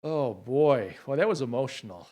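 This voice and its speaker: A middle-aged man talks straight to his viewers on a casual home livestream. His voice sits at an ordinary middle pitch, and his speech is heartfelt and halting, full of small fillers. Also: expressive, darkish tone. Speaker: livestream host.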